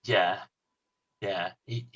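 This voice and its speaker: A man co-hosting a casual podcast chat about football films, animated, laughing easily and stumbling over words. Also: low-pitched, extremely slow, husky, dull audio. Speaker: podcast co-host.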